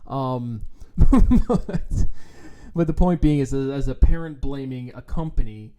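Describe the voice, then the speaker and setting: A man ranting into his own microphone on a vlog, with a mellow, darker tone at a middling pitch. He is blunt, profane and sarcastic, and he slips into mocking put-on voices to ridicule others. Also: takes it slowly. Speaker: trading vlogger. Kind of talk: ranting casual monologue. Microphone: own microphone, adjusted while talking.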